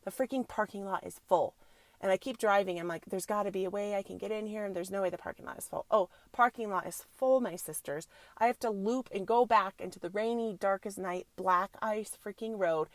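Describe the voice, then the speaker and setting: A woman hosting her own podcast, telling a personal story in a casual, animated way and mixing in spiritual affirmations for her listeners. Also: medium pitch, brisk, no room sound. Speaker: podcast host.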